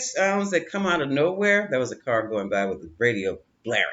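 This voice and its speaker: A tarot reader talks at a moderate pace with hardly any pauses, his mid-range, slightly bright voice swinging widely in pitch. He's chatty and coaching, reassuring, often repeating words and laughing. There's a little hiss or hum in the dull lo-fi audio, along with faint room ambience.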